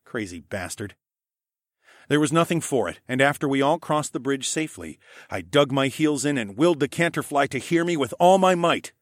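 A man narrating a first-person audiobook in a wry, expressive way, shouting the dialogue of his hero. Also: mid-range voice, moderate pace, no room sound, studio quality.

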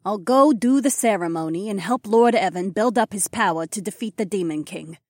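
A man reading an audiobook, voicing a resolute young woman, the wife of a pack alpha, in a calm, firm and decisive manner. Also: high-pitched, moderate pace, no room sound, studio quality, pitched above the performer's own voice. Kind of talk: audiobook character voice.

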